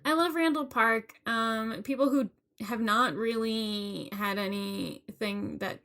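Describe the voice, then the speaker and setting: Chatting casually as a podcast co-host, a young woman leans heavily on "like" as a filler. Her voice is a little high, pushed and bright, and she talks slowly.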